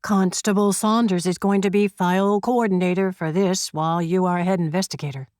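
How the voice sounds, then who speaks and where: A woman voicing a middle-aged male police sergeant who gives brisk, authoritative orders in an audiobook. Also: lowish voice, steady tone, a little mellow, no room sound, clean studio sound, close to an everyday voice. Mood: commanding.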